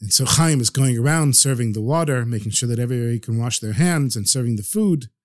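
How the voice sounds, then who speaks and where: A man telling a story for a podcast, narrating with animated expression. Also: mid-range voice, fast, no echo, clean studio sound.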